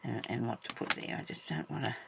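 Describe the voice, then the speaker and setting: A woman vlogging as she sews, chatting casually to herself and the viewer, often trailing off mid-thought and sometimes dropping to a soft whisper. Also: rumbling low, quick pace, vocal fry, very noisy. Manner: drops to soft whispers at times. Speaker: sewing vlogger. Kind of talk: casual thinking aloud while stitching.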